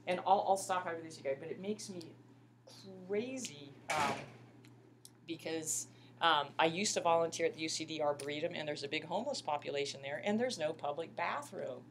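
A woman's voice: low voice, a little fast, noisy background. Chatty woman lecturing a lab class. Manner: chatty, impassioned, repeatedly says "you guys". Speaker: microbiology lab instructor.

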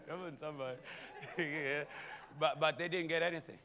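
A man preaching a sermon as pastor, animated, calling out to the congregation and chuckling between points. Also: a little high, unhurried, in a large hall, a loud crowd. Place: church sanctuary.

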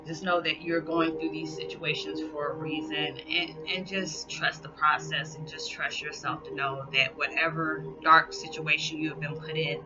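A woman's voice: low-pitched, flat delivery, moderate pace, hardly any pauses. A woman vlogger talking earnestly to her viewers, encouraging and spiritual, often saying y'all. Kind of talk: heartfelt casual talk to viewers. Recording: dull lo-fi sound with music behind.

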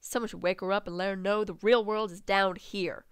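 A woman doing let's play commentary, reading game text aloud, excitable and swearing freely. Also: medium pitch, a little fast, clean tone, no echo, clean studio sound. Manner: excitable, swears freely, bursts into squeals and laughs.

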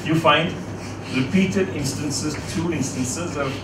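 A man's voice: on the high side, slow, background noise. A man teaching a class, asking students questions and leading them through a word exercise. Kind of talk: classroom lecture. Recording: echoey classroom from far off.

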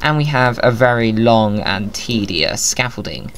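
Male gamer, playful and jokey commentary, very animated intonation. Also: fairly low pitch, unhurried, a little hiss or hum. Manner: playful, jokey, talks to himself. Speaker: Minecraft video creator. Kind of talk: casual gameplay commentary.

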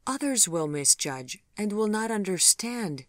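A man's voice: fairly high pitch, unhurried, a bit bright, no room sound. A man voicing a sarcastic, worried middle-aged woman in an audiobook, speaking in a teasing, dry manner. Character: wry, anxious middle-aged woman, sharp-tongued.

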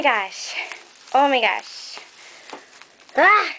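Young woman, high voice, bright tone, unhurried, gushing and excited, casual unboxing chat. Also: slight background noise. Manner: gushing, excited, many gasps and laughs. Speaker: crafting vlogger opening a swap package.

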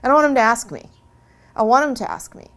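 A woman speaking in a long interview, talking earnestly about her own experience in a lively, conversational way and often restarting her phrases. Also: fast. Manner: earnest and animated, with lively swings in pitch. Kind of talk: long-form interview, casual personal talk.

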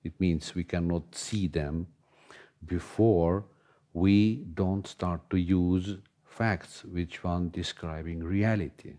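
Man, low voice, slow delivery, halting English, panel talk. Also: fairly even intonation, mellow. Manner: halting non-native English with many restarts. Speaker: spiritual teacher. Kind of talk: conversational panel discussion.

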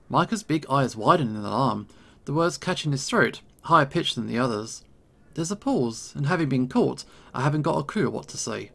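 Gravelly man reading a visual novel. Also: medium pitch, lively intonation, normal speed, fairly bright tone. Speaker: game streamer.

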